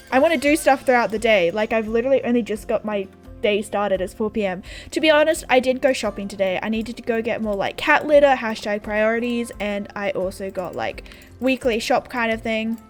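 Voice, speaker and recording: Chatty sarcastic Australian woman, slightly high. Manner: sarcastic, chatty, laughs often. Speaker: gaming YouTuber. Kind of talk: casual chat while playing a game. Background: faint background music.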